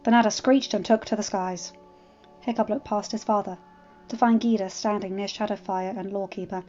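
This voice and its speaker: A woman narrating a fan fiction story as a storybook reading, with expressive delivery. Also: mid-range voice, moderate pace. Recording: slightly muffled, faint background music.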